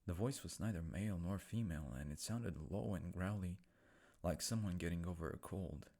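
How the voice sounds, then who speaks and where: Man, very low voice, husky, scripted horror story narration, measured and suspenseful. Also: dark tone.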